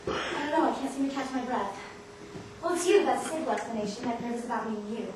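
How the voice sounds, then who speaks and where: School stage: a young woman as a flustered, high-pitched nervous wife, far-off and noisy. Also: fast, heavy reverb, close to an everyday voice. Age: teens. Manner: flustered, jittery, breathless. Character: nervous, fluttery married woman from New Jersey. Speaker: student actor in a school play. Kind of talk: stage acting. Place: school stage before an audience. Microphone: far camera in the hall.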